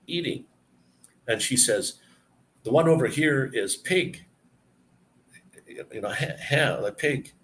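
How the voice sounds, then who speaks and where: A man hosting a live stream, telling a story and answering viewer comments in a relaxed, chatty way. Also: lowish voice, a little hiss or hum. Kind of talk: casual live-stream chat.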